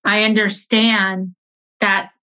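A woman's voice: mid-range voice, flat delivery, slow pace, sharp tone. A woman hosting a faith podcast interview, affirming her guest in an encouraging way. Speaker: podcast host. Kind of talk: interview conversation.

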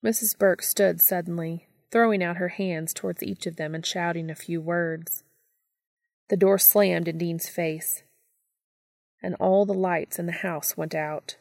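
A woman narrating a fan fiction story as an audiobook in a steady, even reading voice. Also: lowish voice, measured pace, creaky, no echo, clean studio sound.

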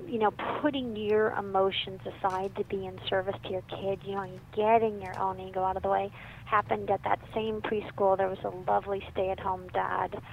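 A middle-aged woman, a psychiatrist and author, telling stories in a lively, animated way as a guest. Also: mid-range voice, normal speed, creaky. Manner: lively, animated storyteller who laughs often. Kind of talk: storytelling in a conversation. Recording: muffled with faint background noise.

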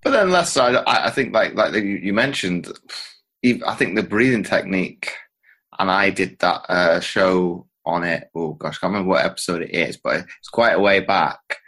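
Male podcast host, very deep voice, halting casual delivery, searches for words. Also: fairly bright tone, breathy edge. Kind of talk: casual interview chat.

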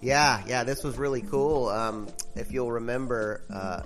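A man's voice: mid-range voice, steady tone, a little slow, fairly bright tone, soft background music. A man hosting a podcast, talking in an easygoing, rambling, hesitant way. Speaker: podcast host. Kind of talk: casual podcast chat.

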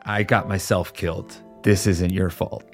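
A man speaks in character at a tabletop game, blunt and joking. His voice sits low, and soft music plays faintly underneath. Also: level tone, measured pace. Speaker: player. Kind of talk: in-character tabletop role-play.

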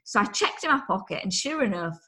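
A woman's voice: medium pitch, big pitch swings, quick pace, bright, forceful tone. Chatty woman telling stories. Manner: chatty storyteller, giggly, self-mocking. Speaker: podcast co-host. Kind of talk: casual chat.

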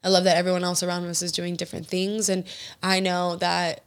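A woman's voice: lowish voice, a little fast. Chatty young woman podcast host. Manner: chatty, animated storyteller. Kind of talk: casual chat.

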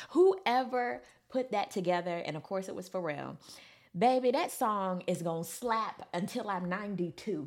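A woman giving sassy, animated casual commentary, breaking into squealing high quotes. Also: moderate pace.

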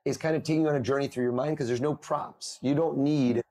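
A man in his thirties, a mentalist guest on a podcast, telling lively stories and acting out the people in them. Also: on the high side, fast. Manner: animated storyteller, acts out quoted voices. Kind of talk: podcast interview over video call.

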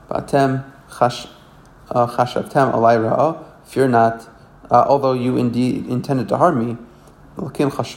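A man teaching a religious text, each verse aloud and translating it phrase by phrase, often halting and correcting himself. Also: medium pitch. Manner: halting, self-correcting, with frequent restarts. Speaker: Torah teacher.

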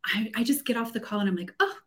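A woman from the United States, a coach guesting on a podcast, bubbly and quick to laugh. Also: on the high side. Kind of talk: casual podcast interview.

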